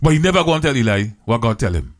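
A man preaching a sermon, retelling a Bible story in plain, creole-flavored English with repeated phrases and slow, drawn-out scripture quotes. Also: mid-range voice, big pitch swings.

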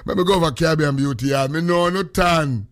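A man's voice: on the high side, fast talker, a bit bright, no echo, clean studio sound. Joking Jamaican radio host man. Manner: joking, heavy patois, frequent greetings. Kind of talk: casual morning radio chat.

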